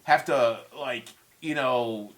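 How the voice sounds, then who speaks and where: A man's voice: mid-range voice, slow pace. A man in his forties, a guest musician in a casual chat, telling stories with heated, profane language. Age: 40s.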